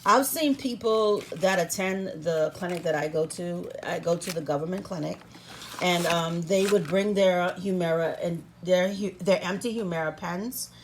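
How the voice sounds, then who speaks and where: Chatty woman, playful and sassy, home how-to vlog, lowish voice. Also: normal speed, a little hiss or hum. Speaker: vlogger. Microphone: camera on a stand.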